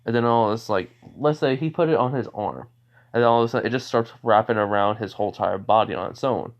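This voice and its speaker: This young man talks fast in a lowish voice, rambling through a fan story with lots of fillers, restarts and laughs. The recording is dull and lo-fi.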